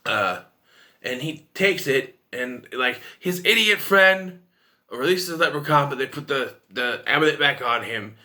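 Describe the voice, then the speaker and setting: A man's voice: medium pitch, expressive, a little slow, sharp tone. A man giving a casual, rambling and opinionated film review to camera.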